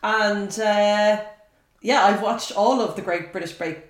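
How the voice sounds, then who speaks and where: A woman's voice: medium pitch, measured pace, echoey room. A woman co-hosting a comedy podcast, teasing playfully with frequent giggles. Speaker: podcast co-host. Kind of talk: casual comedic banter.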